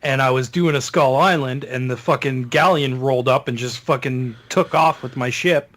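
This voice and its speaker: A man's voice: medium pitch, moderate pace, a bit bright. Brash, profane male podcast co-host. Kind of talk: casual chat.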